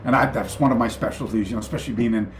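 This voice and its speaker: An older man spins a long, rambling story as a guest on a video call. He restarts sentences often and breaks into animated quoted voices, at a middle pitch. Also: racing, slight background noise. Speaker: guest karate teacher. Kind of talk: storytelling in a casual interview.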